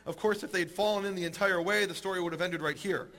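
Bright high-voiced man telling a story. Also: fast. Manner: lively, humorous, acts out the quoted characters. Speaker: teacher retelling a Talmud story. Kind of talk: animated storytelling talk.

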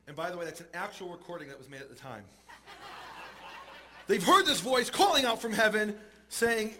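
A man telling a Talmud story in a lively, humorous way and acting out the characters. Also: sits high, fairly quick. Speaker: teacher retelling a Talmud story. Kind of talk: animated storytelling talk.

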